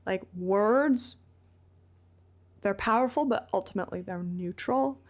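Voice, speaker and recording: A woman's voice: mid-range voice, unhurried. Candid, reflective woman podcast guest. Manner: candid, reflective, thinks aloud. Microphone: large studio microphone.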